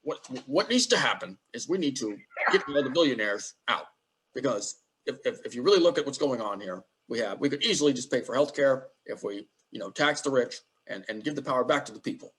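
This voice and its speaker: A man's voice: medium pitch, animated, brisk, fairly bright tone, slight background noise, natural voice, poor audio. A man doing a mild impression of an older male politician, speaking emphatically and preachily. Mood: emphatic.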